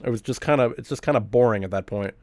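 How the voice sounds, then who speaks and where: A man's voice: medium pitch, quick pace, darkish tone, no room sound. Chatty, profane young man streaming. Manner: chatty, profane, laughing often. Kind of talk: casual live-stream commentary.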